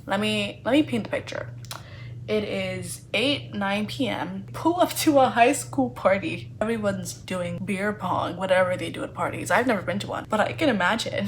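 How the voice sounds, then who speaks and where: A woman talks through a book review in a chatty vlog, animated and teasing with a sarcastic edge. She piles on fillers as she goes, and her voice sits at an ordinary middle pitch. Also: a little hiss or hum. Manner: animated, sarcastic, playfully indignant.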